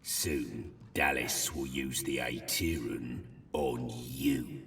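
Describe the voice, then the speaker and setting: An actor playing a bitter, fanatical magister who speaks with slow, deep menace in a game. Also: male voice, fairly even intonation, vocal fry, fairly bright tone, distant mic, full character voice. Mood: menacing. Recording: echoey game audio with music.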